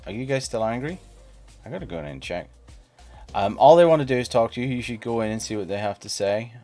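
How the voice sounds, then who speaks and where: A man's voice: mid-range voice, expressive, quick pace, dark tone, soft background music. A man casually chatting while streaming a game, playful and talkative, teasing the creatures on screen. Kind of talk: casual gameplay stream chat.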